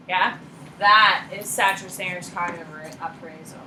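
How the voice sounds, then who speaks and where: A woman teaching a high school psychology class, blunt and lively, acting out examples in quoted voices. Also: a little fast, slight background noise. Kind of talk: classroom lecture.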